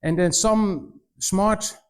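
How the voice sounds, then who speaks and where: Animated higher-voiced missionary man. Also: very slow, clean tone. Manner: animated storyteller, mimics voices, many restarts. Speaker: missionary speaker. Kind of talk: presentation to students. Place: college presentation room.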